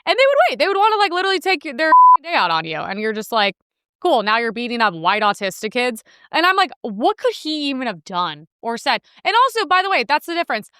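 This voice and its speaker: A young woman hosts her own commentary show, delivering sarcastic, rambling takes full of fillers. Her voice sits a little high, with a bright, smooth tone, and her pitch swings widely as she talks. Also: no echo, studio quality. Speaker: host. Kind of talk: casual commentary reacting to news clips.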